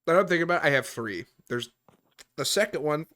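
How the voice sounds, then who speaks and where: Animated swearing podcast storyteller. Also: mid-range voice, fast. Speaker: podcast host. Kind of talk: casual podcast chat and storytelling. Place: room at home on a voice chat.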